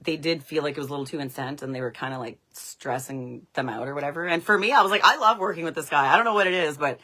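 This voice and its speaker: A woman's voice: deep voice, fast, pushed and bright. A young woman telling stories on a casual livestream, chatty and laughing often. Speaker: livestream host.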